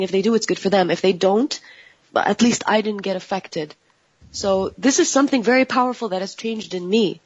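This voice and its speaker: A woman in a casual group discussion, talking in an expressive, intense way with frequent restarts. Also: medium pitch, no echo. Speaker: panel co-host. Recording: dull lo-fi audio.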